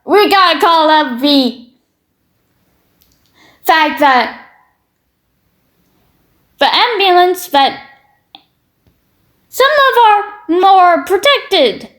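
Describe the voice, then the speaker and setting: A woman's voice: very high-pitched, expressive, extremely slow, pauses often, fairly bright tone. A woman from Britain with a Canadian-sounding accent, reacting to social media posts with blunt, opinionated remarks, swearing freely and stumbling over repeated words as she starts her thoughts. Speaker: commentary streamer.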